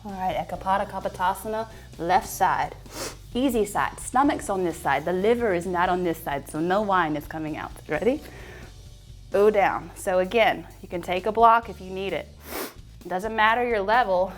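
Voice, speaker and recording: A woman's voice: medium pitch, normal speed, faint music behind. A woman leading a yoga class, chatting and joking playfully as she guides the poses. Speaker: yoga instructor.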